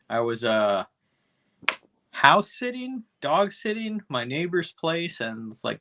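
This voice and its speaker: A man's voice: mid-range voice, sing-song, slow, bright, forceful tone. A man co-hosting a podcast, chatting casually and rambling profanely through a movie recap. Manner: profane, rambling, acts out quoted voices. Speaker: podcast co-host.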